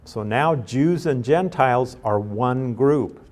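A man's voice: mid-range voice, slow pace, darkish tone. A man teaching a Bible study, reading scripture aloud and then explaining it in a conversational way.

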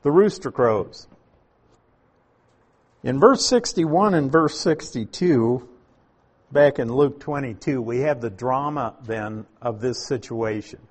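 A man delivering a Bible-teaching sermon at an unhurried, deliberate pace. His voice has a husky edge and sits in an ordinary middle register. He reads passages aloud and then unpacks them with rhetorical questions. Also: medium pitch, animated. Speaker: pastor teaching scripture. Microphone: uses slides while speaking to a congregation.

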